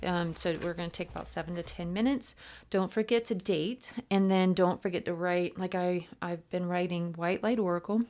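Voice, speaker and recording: A woman with a fairly low voice leads a spiritual writing session and guided breathing meditation. She talks softly and unhurriedly. Her speech is loose and casual, full of ums and small restarts. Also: fairly even intonation, normal speed. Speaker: oracle card reader and meditation guide.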